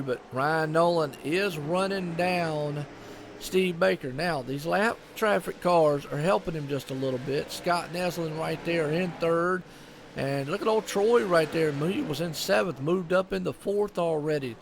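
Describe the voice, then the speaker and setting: This man speaks a little slowly in a fairly high, creaky voice, with slight background noise. He has a Southern US accent and gives folksy, chatty live commentary on an online sim race, sprinkling in plenty of "I tell you what" and "y'all."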